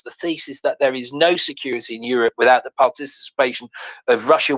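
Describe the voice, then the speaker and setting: Dry-voiced man, halting and wry. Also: mid-range voice, fairly bright tone, no echo, poor audio. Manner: halting, many fillers and restarts, wry asides. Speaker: host. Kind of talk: casual live audio chat, reading a tweet and article aloud.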